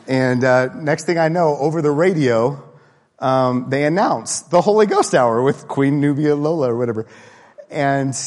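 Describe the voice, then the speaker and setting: Animated minister preaching in a reverberant hall. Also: male voice, mid-range voice. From Austin, Texas. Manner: animated, conversational. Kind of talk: sermon with personal storytelling.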